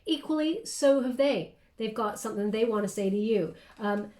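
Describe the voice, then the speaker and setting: A woman's voice: a little high, moderate pace, a little mellow. A woman giving a spiritual guided reading straight to the listener, soothing and reassuring, talking in loose phrases with frequent fillers. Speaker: psychic reader. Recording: roomy echo.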